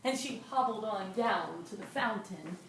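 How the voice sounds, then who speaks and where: A woman telling a folk tale live to an audience, with a rhythmic, repetitive, expressive delivery. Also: medium pitch, measured pace, slight background noise. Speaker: storyteller. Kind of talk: live oral storytelling. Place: storytelling venue before an audience. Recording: roomy live room from a distance.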